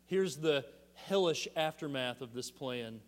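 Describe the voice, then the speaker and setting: Man preaching in a reverberant church. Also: mid-range voice. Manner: animated preaching with rhetorical questions and emphatic pauses. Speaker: pastor. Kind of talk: sermon. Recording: long hall reverb.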